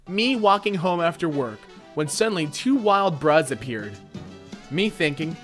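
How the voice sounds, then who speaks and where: A man hosting a casual comedic meme commentary, jumping into squeaky silly voices. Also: animated, moderate pace, fairly bright tone, faint music behind. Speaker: meme reaction host.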